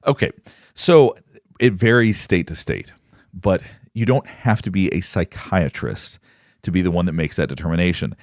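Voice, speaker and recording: A man, a psychologist, giving measured, explanatory commentary on court footage. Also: low-pitched, no echo, clean studio sound. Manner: explanatory, measured, pauses to point things out. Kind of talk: analytical commentary.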